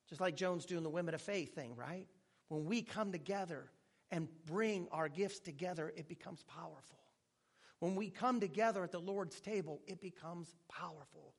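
A male pastor preaching a sermon with animated delivery and joking asides, at times dropping to a hushed tone. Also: sits high.

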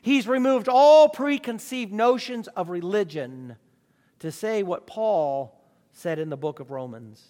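A man's voice: high voice, animated, measured pace, warm tone. A man preaching a sermon with emphatic rhetorical questions. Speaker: pastor. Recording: long reverb of a large hall.

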